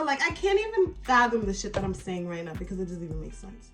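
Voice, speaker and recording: A woman telling a story in a get-ready-with-me vlog, animated and exasperated, with frequent swearing. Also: mid-range voice, fast, faint music behind. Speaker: beauty vlogger.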